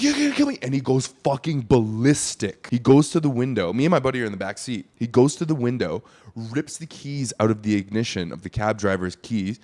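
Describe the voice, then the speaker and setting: A young man hosting a reaction video, chatting casually and telling a rambling story full of swearing. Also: mid-range voice.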